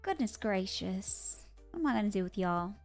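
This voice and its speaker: A young woman streaming live and chatting casually, excitable and quick to swear. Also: medium pitch. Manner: excitable, swears freely, loud outbursts. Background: faint music.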